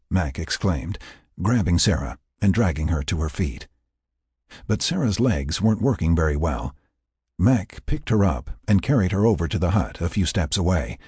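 Husky deep-voiced male narrator. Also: no room sound, clean studio sound. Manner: expressive storytelling reader. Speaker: audiobook narrator. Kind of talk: scripted narration.

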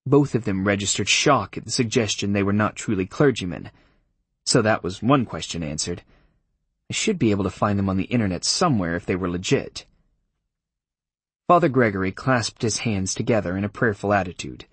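A male audiobook narrator with a low, husky voice telling a first-person story. His delivery is dry and wry, and the recording is close and dead, with no room sound at all. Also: a little fast, no room sound.

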